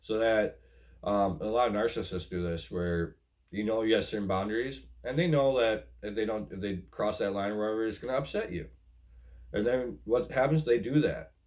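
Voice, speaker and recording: A man's voice: lowish voice, darkish tone. A man talking casually to viewers about relationships, earnest and repetitive, often calling them guys. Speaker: relationship advice vlogger. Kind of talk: casual spoken advice.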